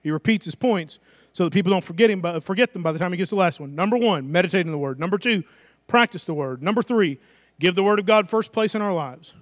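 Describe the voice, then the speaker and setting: High-voiced man preaching a conversational sermon. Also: expressive, fast, no room sound, clean studio sound. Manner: conversational preaching with acted-out asides and rhetorical questions. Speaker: pastor.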